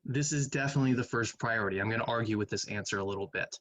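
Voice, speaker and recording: A man's voice: fairly low pitch, racing, a bit bright, no echo, rough recording. A male math teacher giving a recorded lecture, going over quiz answers in a conversational, think-aloud manner. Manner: conversational, thinking aloud, hums while reading.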